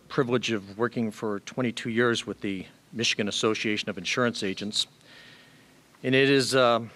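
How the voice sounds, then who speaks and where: A man delivering a formal prepared tribute speech, measured and steady, with small hesitations. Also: medium pitch. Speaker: tribute speaker.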